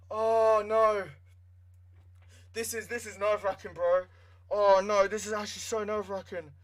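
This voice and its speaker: A young man giving live fan commentary on a football match, excitable and swinging from nervous muttering to shouting. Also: high-pitched. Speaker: livestream football watchalong host.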